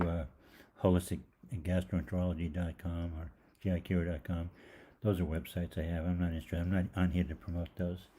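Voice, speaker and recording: A man's voice: low voice, dark tone, slightly rough. An older man, a holistic gastroenterologist, telling a rambling story in a live Q&A, with many fillers. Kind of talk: live Q&A monologue.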